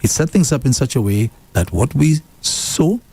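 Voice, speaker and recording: A man co-hosting a radio show, telling stories in a lively way that jumps up in pitch. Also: moderate pace, slightly rough. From Saint Lucia. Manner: animated storytelling with pitch jumps. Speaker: radio co-host. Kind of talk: casual radio talk. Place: radio studio.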